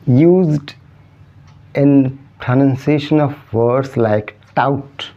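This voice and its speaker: A man with an Odia accent teaching English pronunciation, repeating each vowel sound several times with drawn-out emphasis. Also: mid-range voice. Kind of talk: slow, deliberate spoken English lesson. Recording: slightly dull, lo-fi sound.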